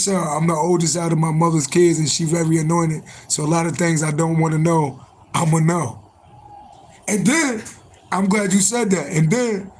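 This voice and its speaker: A man's voice: a little high, a little mellow, a little hiss or hum, low-quality recording. A man hosting a casual livestream for viewers, swearing often, repeating himself for emphasis, with a strained voice, street sirens and horns nearby. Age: adult, born in January. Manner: profane, repetitive, emphatic. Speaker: livestream host, spiritual reader.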